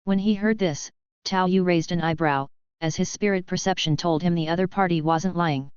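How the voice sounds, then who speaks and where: A woman reading a web novel aloud as an audiobook narrator, in an even, measured way. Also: lowish voice, smooth, no echo, dull audio.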